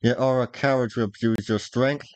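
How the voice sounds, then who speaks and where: A man's voice: medium pitch, fairly even intonation, normal speed, dry recording, lightly acted. A man voicing a tearful young boy companion in a storybook reading, speaking in a plaintive, reproachful way.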